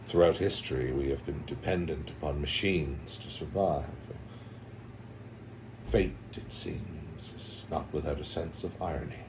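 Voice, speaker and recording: A man putting on the voice of a calm, grave male rebel leader from a sci-fi film, speaking slowly and solemnly. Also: extremely low pitch, background noise. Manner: slow, solemn, measured delivery.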